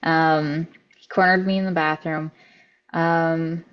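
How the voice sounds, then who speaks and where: A woman's voice: sits low, level tone, slow pace, smooth, dull audio. A woman guest on a podcast, telling a story casually and bluntly, swearing often and filling with "like". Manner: blunt, profane, frequent 'like' fillers.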